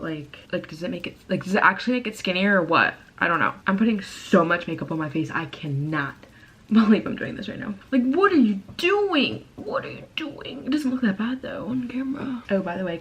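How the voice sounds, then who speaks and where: On her home camera, a young American woman talks her way through a casual makeup tutorial, laughing at herself and wandering off topic with plenty of "like"s. Her voice sits lowish, and slight background noise is present.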